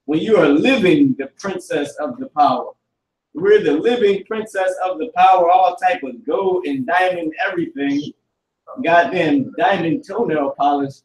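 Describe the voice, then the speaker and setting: A man leading a casual group discussion as teacher, animated and profane, often laughing as he talks. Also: on the high side, moderate pace, echoey room, recorded from a distance, poor audio.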